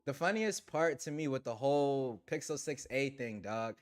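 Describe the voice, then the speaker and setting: A man hosting a tech livestream, chatting casually with viewers in relaxed slang and laughing often. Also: mid-range voice, normal speed. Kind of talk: casual livestream chat reading super chats.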